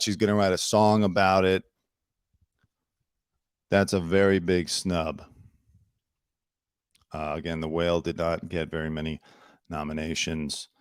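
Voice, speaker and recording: A man's voice: lowish voice, no room sound, clean studio sound. Opinionated man hosting a news show. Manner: opinionated, chatty, sarcastic asides. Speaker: host. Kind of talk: casual news commentary.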